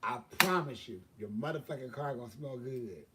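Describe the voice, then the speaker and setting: A man's voice: medium pitch, animated, moderate pace, far from the mic, heavy background noise. A man telling a long story on his own live stream, casual and profane, with lots of fillers. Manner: profane, drawling, chatty with many fillers. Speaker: livestream host.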